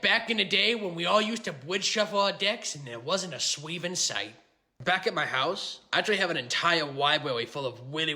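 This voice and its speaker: A man's voice: a little high, sharp tone. A man playing a smug, boastful male hometown card-game champion, bragging and condescending. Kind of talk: comedy skit.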